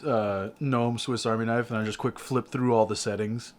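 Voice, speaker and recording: A man's voice: medium pitch, fairly even intonation, moderate pace, noisy background. A man playing a tabletop game, chatting casually with frequent restarts and laughs. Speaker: player.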